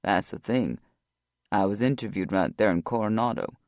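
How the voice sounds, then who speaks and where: A man voicing a grieving former Navy SEAL, deep and gravelly, telling his past in a low, weary way. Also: moderate pace, darkish tone, no room sound, studio quality, lightly acted. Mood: guarded, weary.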